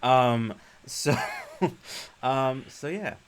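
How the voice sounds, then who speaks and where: A man's voice: medium pitch, extremely slow, clear, resonant tone. A man co-hosting a live stream, chatting casually and rambling with lots of fillers and laughs. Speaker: podcast co-host.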